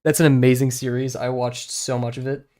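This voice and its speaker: Briskly and in a level tone, a young adult man with a medium-pitched, darkish voice talks casually as he draws live on stream. He rambles, uses lots of fillers and mutters to himself while sketching.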